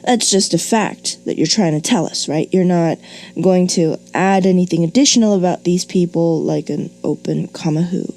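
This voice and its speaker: Female grammar teacher, expressive, slightly low mellow voice. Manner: expressive, rhetorical questions, mock exasperation. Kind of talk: video grammar lesson.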